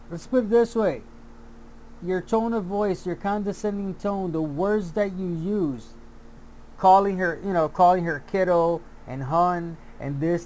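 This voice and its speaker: A man with a fairly high voice delivers an angry commentary rant at a slow, deliberate pace. He swears freely, circles back over the same points and keeps restarting his sentences. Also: a little hiss or hum. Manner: heated, profane, repeats himself and restarts often. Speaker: YouTube commentator.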